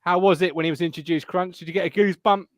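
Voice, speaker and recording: Sick with tonsillitis, a Suffolk man hosts a casual live fan show from his living room, swearing freely, laughing at himself and rambling between thoughts. His voice sits high and steady, and he talks at a racing speed. The sound is dry and studio quality.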